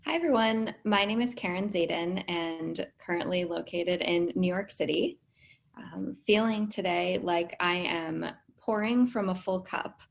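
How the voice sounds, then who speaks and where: Woman, low gravelly tone, calm check-in. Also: unhurried. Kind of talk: video call check-in. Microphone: video call.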